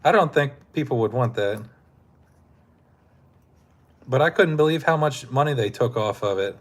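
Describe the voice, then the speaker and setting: A man's voice: medium pitch, lively intonation, normal speed. A man hosting a casual live stream, laid-back and laughing often as he talks with his chat, his throat sore from hours of talking.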